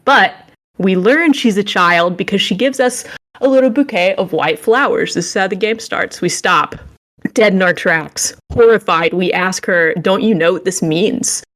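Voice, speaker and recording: A woman's voice: mid-range voice, normal speed, fairly bright tone. A young woman co-hosting a podcast, recapping a video game in a playful, sarcastic way and acting out the dialogue. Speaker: podcast co-host reviewing games. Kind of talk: casual comedic game recap.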